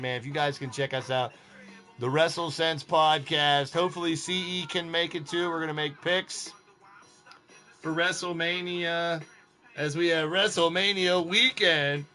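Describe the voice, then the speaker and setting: A man doing loose, chatty commentary over a wrestling video game on a live stream, giving shout-outs to his chat. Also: on the high side, a little slow, soft background music. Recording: noisy game stream with background noise.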